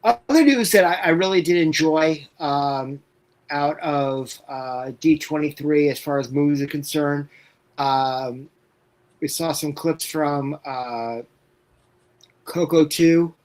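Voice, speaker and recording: Male co-host, fairly high voice, hesitant and filler-heavy, casual live stream chat. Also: slow, pauses often. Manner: hesitant, many filler sounds.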